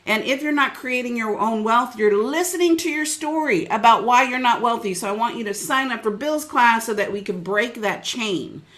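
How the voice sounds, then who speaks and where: A middle-aged woman business coach giving an energetic, preachy motivational webinar talk and calling out listeners by name. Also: on the high side, normal speed, hardly any pauses.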